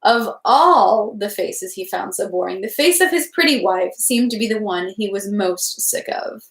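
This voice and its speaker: A woman's voice: medium pitch, expressive, a little slow. A woman reading a classic novel aloud, carefully, stumbling now and then over French words. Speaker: reader. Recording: echoey room.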